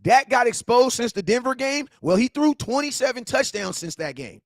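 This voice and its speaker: Very high-pitched and very animated, this young man speaks at a normal speed with hardly any pauses, recorded dry. He hosts a sports talk stream and rants hotly in slang, repeating lines and speaking directly to viewers.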